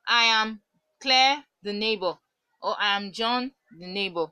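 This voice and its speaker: A woman teaching a beginner French lesson, patiently repeating words slowly to show the pronunciation. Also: mid-range voice, bright, forceful tone, smooth, no room sound, low-quality recording. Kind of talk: online language lesson.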